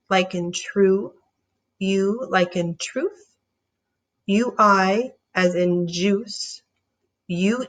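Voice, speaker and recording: A woman teaching a reading lesson, sounding out words slowly and encouraging young readers. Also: mid-range voice. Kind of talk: slow, clear phonics lesson.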